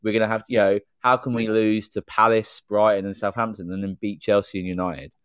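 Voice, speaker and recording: A man's voice: on the low side, level tone, a little fast, clear, resonant tone, no echo. A man co-hosting a casual podcast chat, talking freely and filling with "you know". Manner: chatty, strings thoughts with "you know". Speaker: podcast co-host.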